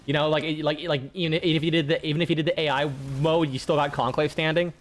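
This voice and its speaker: A young man streams a game and talks to his chat in a loose, rambling way, often restarting his sentences. His voice sits a little high for a man, and he swears freely as he goes. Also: little pitch movement, fast. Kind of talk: casual gaming chat.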